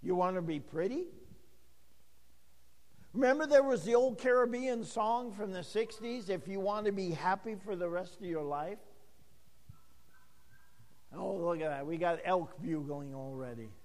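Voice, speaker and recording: A man's voice: high-pitched, normal speed, a little mellow, long reverb tail. An older man preaching a sermon, telling folksy stories and acting out the dialogue himself. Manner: folksy storytelling with acted-out dialogue. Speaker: pastor.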